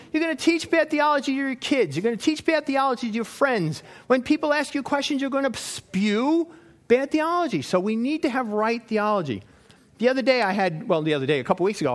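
A man giving a sermon in a lively, storytelling way, asking the same questions again and again. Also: sits high. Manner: animated storytelling with repeated questions. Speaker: lay preacher.

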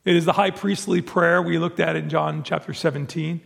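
High-voiced preacher man with gravelly edge. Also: fairly even intonation, normal speed, fairly bright tone, long reverb tail. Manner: earnest, repeats words when emphatic. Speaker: pastor. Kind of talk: sermon.

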